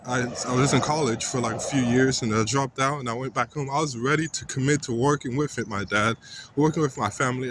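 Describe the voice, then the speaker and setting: Frustrated young man venting outdoors. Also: on the high side. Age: young adult. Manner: frustrated, rambling, often says "you know" and "like". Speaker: vlogger. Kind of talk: casual venting monologue. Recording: clear outdoor street noise.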